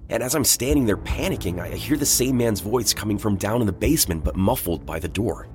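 A man's voice: on the low side, lively intonation, fairly quick, darkish tone, a little hiss or hum. A man reading a first-person horror story aloud in a casual, conversational way, with blunt swearing. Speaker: voice actor narrating a listener's story.

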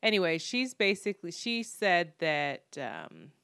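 A woman co-hosting a casual podcast, blunt and profane, acting out other people's lines as she goes. Her voice is smooth and clear, set a little low. The recording is close and dry, with no room sound. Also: unhurried, no room sound. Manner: blunt, profane, animated storytelling with quoted voices. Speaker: podcast co-host. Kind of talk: casual chat.

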